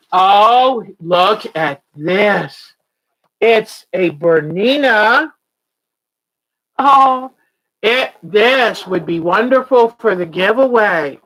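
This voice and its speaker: A woman's voice: medium pitch, a bit bright, poor audio. A woman hosting a casual quilting livestream, gushing and exclaiming "oh" as she opens a package. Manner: gushing, exclaims "oh" often, chatty. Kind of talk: casual livestream unboxing chat.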